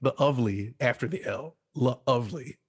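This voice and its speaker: A man's voice: medium pitch, fairly quick, no echo, clean studio sound. A man hosting a gaming podcast in a laid-back, playful casual chat. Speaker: podcast host.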